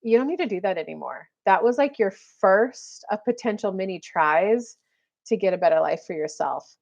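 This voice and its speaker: A woman's voice: mid-range voice, expressive, moderate pace, gravelly, darkish tone. A woman giving a casual, chatty live-stream card reading as a spiritual coach, full of fillers and little acted-out quotes.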